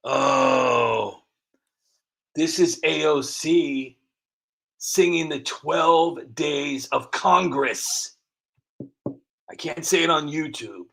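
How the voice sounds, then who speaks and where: A man's voice: mid-range voice, bright, forceful tone, slightly rough. A man doing a rambling, self-mocking comic monologue as a content creator. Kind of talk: comedic monologue. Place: cardboard box used as an office.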